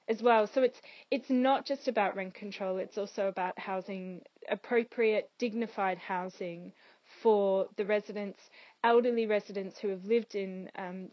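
A woman's voice: medium pitch, no room sound, lo-fi sound. A woman running for a council seat, answering interview questions in an earnest, thoughtful way with frequent ums. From Australia and England. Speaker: council candidate.

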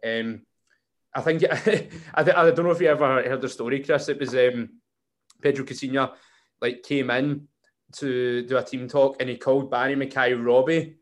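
A man's voice: mid-range voice, steady tone, moderate pace. Chatty man hosting a podcast. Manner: rambling, with frequent fillers and restarts. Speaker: podcast host. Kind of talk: casual football podcast chat.

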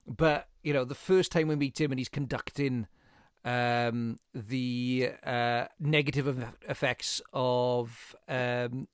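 A man's voice: medium pitch, fairly even intonation, slow pace, smooth, no room sound, studio quality. A man hosting a podcast, chatting enthusiastically about a film and rambling through restarts. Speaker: podcast host. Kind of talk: casual film chat.

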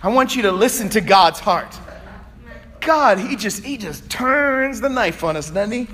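A man preaching a sermon, swinging between fervent shouting and quiet, conversational asides. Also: high voice, expressive, measured pace. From Virginia, USA. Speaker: pastor.

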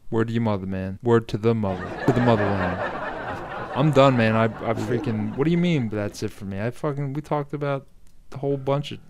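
A man's voice: medium pitch, brisk, few pauses, noisy background. A man co-hosting a podcast, rambling through crude comic stories and laughing often. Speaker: podcast co-host. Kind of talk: casual comedic chat.

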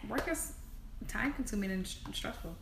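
A woman's voice: mid-range voice, normal speed, crowd noise. A woman co-hosting a podcast, chatting casually and telling stories with lots of fillers. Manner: chatty, animated storyteller with frequent fillers. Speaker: podcast co-host. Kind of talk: casual chat.

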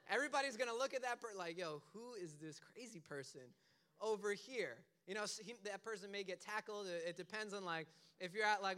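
A male pastor preaching in an easygoing, storytelling way, full of casual asides. His voice sits high and sounds clean and clear. It has a bright, forward edge. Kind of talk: casual conversational sermon.

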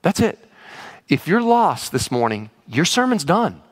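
A middle-aged male pastor preaching a sermon to a church congregation, swinging between excited high asides and low, emphatic points. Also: unhurried, breathy edge. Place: church sanctuary, also streamed online.

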